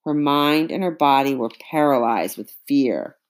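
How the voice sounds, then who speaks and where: A woman narrating an audiobook chapter in a measured, suspenseful way. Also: rumbling low, lively intonation.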